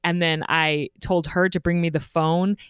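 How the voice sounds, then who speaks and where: A woman's voice: lowish voice, little pitch movement, a little slow, smooth, dry recording, studio quality. A woman hosting a casual podcast, telling a childhood story with frequent laughter. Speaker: podcast host.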